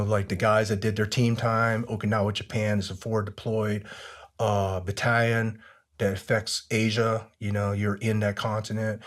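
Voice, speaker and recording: Relaxed low-voiced man telling stories. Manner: relaxed, rambling, many fillers. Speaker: interview guest, former soldier. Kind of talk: conversational interview storytelling.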